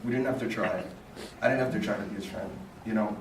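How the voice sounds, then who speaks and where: Young man, casual eulogy, full of fillers, speaking from far off in an echoey hall. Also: fairly low pitch. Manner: halting, heavy on fillers like "like" and "you know". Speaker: eulogy speaker, fraternity brother. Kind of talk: informal memorial speech. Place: large echoey hall at a memorial. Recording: echoey hall, distant voice, room noise.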